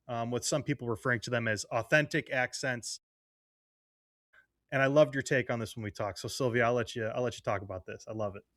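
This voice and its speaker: A man's voice: medium pitch, fairly even intonation, fairly quick, fairly bright tone, no room sound, clean studio sound. A man hosting a casual interview, enthusiastic and conversational, reading out viewer questions. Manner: enthusiastic, conversational, uses fillers like "like". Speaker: interview host.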